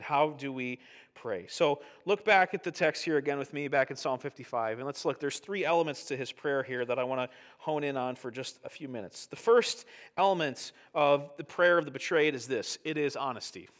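A middle-aged male pastor giving a conversational sermon, animated and often checking in with "right?". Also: fairly high pitch.

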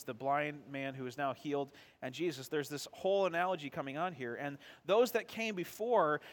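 Asking his congregation questions and then supplying the answers, a man delivers a sermon in a conversational style. His voice sits on the high side.

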